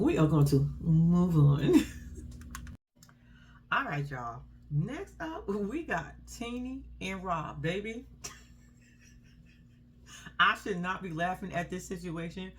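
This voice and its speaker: A woman with a lowish voice recaps a reality show in a casual, blunt and profane style, laughing often as she tells the story. There's a little hiss or hum in the recording.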